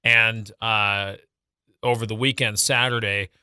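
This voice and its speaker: A man's voice: on the low side, fairly even intonation, slow, sharp tone, clear, resonant tone, no room sound. A man co-hosting a morning radio show in a studio, chatting casually and telling self-deprecating stories with plenty of fillers. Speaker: radio co-host. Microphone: studio microphone.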